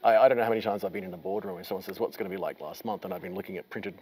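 A man hosting an interview at a conference, asking long, quick questions with many fillers. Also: deep voice, gravelly, a little mellow, a little hiss or hum, low-quality recording. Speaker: interviewer host. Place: busy conference venue.

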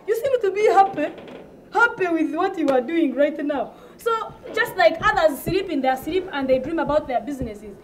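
Ugandan English-accented woman comic, high voice, indignant rant, repeats herself. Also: lively intonation, moderate pace, slight background noise. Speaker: comedian. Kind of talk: comedy sketch.

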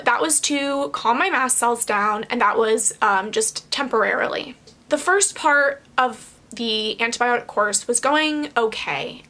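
A young woman with a high, sharp, bright voice talks straight to camera in a casual vlog. She is frank and chatty, slips in light swearing, and laughs easily. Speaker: vlogger. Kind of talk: candid casual chat to camera.

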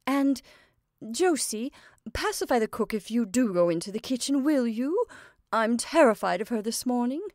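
A woman's voice: on the high side, expressive, normal speed, a little mellow, no room sound, studio quality, voice pushed up, lightly acted. A woman reading a story aloud, voicing a fussy, scatterbrained middle-aged mother giving orders. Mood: bossy, flustered. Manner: scatterbrained, bossy, dreamy.

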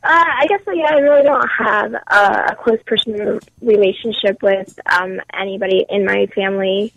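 A young adult woman, a guest musician, talking casually in an interview with frequent ums and pauses. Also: medium pitch, gravelly, fairly bright tone, lo-fi sound. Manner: hesitant, lots of ums and uhs.

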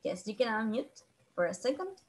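A woman's voice: on the high side, sing-song. Woman teacher, online class over video call, patient and repetitive. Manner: patient, repeats and translates phrases slowly.

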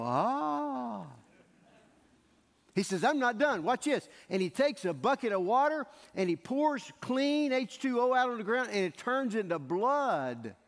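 A male pastor preaching a sermon in a church sanctuary, telling the story in an animated way and acting out the scenes. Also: high voice. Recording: echoey church hall.

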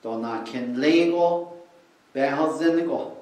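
A man preaching a sermon, teaching slowly and with emphasis while switching between English and another language. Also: a little high, darkish tone. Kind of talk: bilingual sermon with interpretation. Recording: roomy and distant from the mic.

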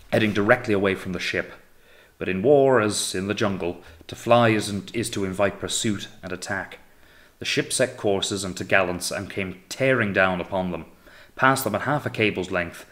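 Deep-voiced male audiobook narrator. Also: a bit bright. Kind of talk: scripted narration.

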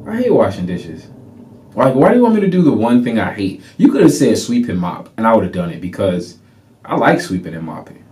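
A man hosting a podcast, telling a personal story in an animated way and acting out the people in it. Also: fairly low pitch, brisk, slight background noise. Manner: animated, laughing, reenacts people. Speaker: podcast host.

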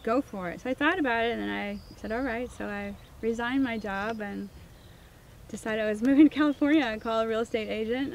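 A woman's voice: a little high, a little hiss or hum. A woman from Missouri, a winemaker, telling her story in an interview and acting out the dialogue she quotes. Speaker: winemaker, guest.

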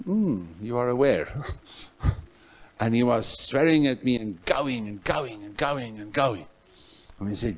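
Animated male pastor preaching a sermon. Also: lowish voice, normal speed. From South Africa. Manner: animated storytelling, swings from loud outbursts to soft. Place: church.

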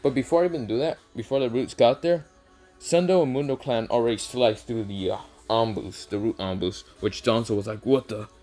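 A man's voice: mid-range voice, fairly quick, a little mellow, faint music behind. A man improvising a fan-fiction story aloud, rambling and hesitant, losing his place and swearing as he goes.

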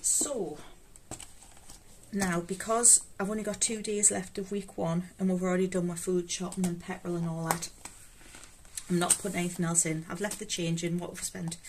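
In a fairly low, level voice at a moderate pace, a Geordie woman chats casually and talks to herself as she counts out her budget cash. She's a budgeting vlogger, and the clear recording carries the rustle of notes in the background.

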